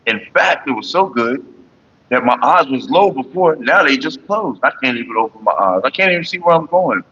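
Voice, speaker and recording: A man of medium pitch talks briskly with lively intonation in a bright, forceful, husky voice, the recording's highs cut off. He's hosting a smoking session on his casual vlog, joking and rambling loosely while addressing his viewers and chat by name.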